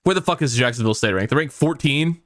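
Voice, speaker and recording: A man commenting on his own football video game dynasty, excitable and swearing often as his mood swings between hype and outrage. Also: mid-range voice, fast talker, dry recording. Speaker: gaming YouTuber. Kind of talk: let's play commentary.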